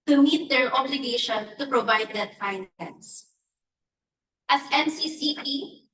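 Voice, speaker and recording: Emphatic Filipino woman, high bright voice. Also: slight background noise. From Philippines. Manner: emphatic, deliberate, listing demands. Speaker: church advocacy speaker. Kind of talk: prepared press briefing statement. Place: conference press room. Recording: echoey room, from a distance.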